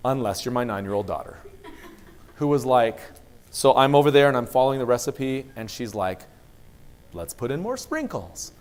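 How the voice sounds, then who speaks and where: This man's clear, resonant, mid-range voice moves a little fast as he speaks as a university vice president of student affairs. His motivational talk to students is packed with lively stories and acted-out dialogue.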